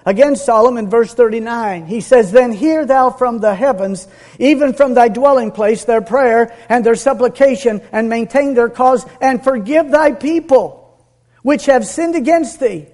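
A man preaching a sermon with earnest conviction, dropping to a hush and building to emphatic peaks. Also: very high voice, measured pace.

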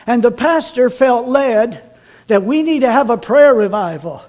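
High-voiced dramatic preacher man. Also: expressive, measured pace. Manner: dramatic, swings from loud to hushed. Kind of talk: sermon storytelling.

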